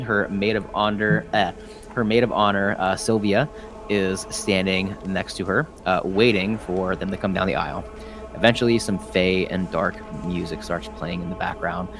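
A man narrating a tabletop game as game master, casual and rambling with lots of fillers and swearing. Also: deep voice.

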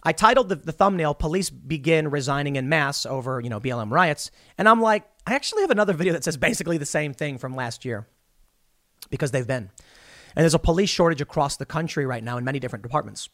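A political commentator speaks straight to his viewers in a blunt, opinionated monologue, giving his personal take and retelling events with acted-out dialogue. His slightly high voice is fast and a bit bright, with lively intonation, and the studio recording is clean with no echo.

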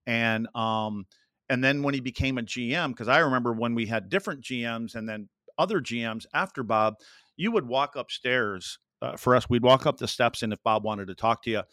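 A man's voice: medium pitch, moderate pace, a bit bright, no room sound. An older man sits as a podcast guest and tells rambling stories, slipping into the voices of the people he quotes. The sound is close and dry, with no room around him. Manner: rambling anecdotes with acted-out quotes. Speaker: podcast guest, former hockey player. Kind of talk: casual storytelling.

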